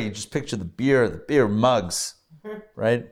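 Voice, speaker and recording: A man's voice: lowish voice, lively intonation, measured pace. A rabbi, a man, teaching a live class to a group and telling a story with playful asides and jokes. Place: classroom with audience.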